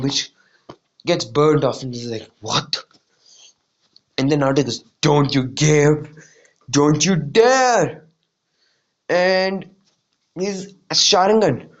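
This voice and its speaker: A man's voice: fairly high pitch, dull audio. A man casually retelling a fan-made story, rambling with many "like"s and "you know"s.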